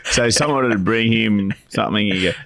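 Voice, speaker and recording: A middle-aged Australian man co-hosts in easy, meandering chat. His voice sits low with a gravelly edge, and the sound is dry and close. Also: normal speed, fairly bright tone, no room sound. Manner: meandering anecdotal storytelling. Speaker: podcast co-host, financial adviser. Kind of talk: casual chat.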